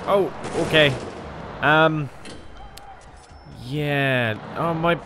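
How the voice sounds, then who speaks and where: A man's voice: on the high side, very slow, long pauses, noisy background. Chatty man commentating a game. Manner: chatty and self-deprecating, often exclaiming. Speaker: gaming channel host.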